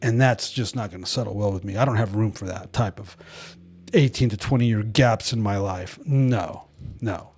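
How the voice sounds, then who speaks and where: A man's voice: on the low side, normal speed, darkish tone, husky. A man from California leading a devotional Bible study in a casual teaching style, telling stories animatedly, acting out quoted voices and adding wry, joking asides.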